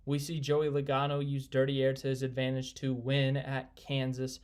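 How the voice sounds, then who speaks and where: A young man hosting a casual live stream, rambling excitedly and reading viewer comments aloud. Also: medium pitch, moderate pace, clear, resonant tone.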